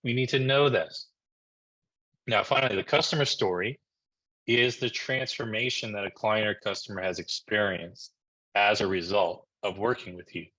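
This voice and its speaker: A man from New Jersey leads a live online marketing session in a bright, forceful voice. He talks in an energetic, conversational way and keeps tossing "right?" to his listeners. The video call audio sounds a little dull and lo-fi. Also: on the low side, normal speed. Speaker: marketing coach presenting a webinar.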